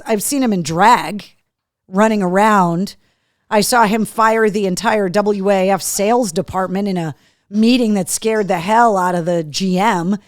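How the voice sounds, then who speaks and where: A woman hosting a casual live show from her home studio, reading viewer comments aloud in a chatty way. Between comments she turns to her dogs and coaxes them in a higher voice. Her voice sits at a middle pitch and the sound is close and dry. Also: no echo. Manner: chatty, talks to her dogs in a high coaxing voice. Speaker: host.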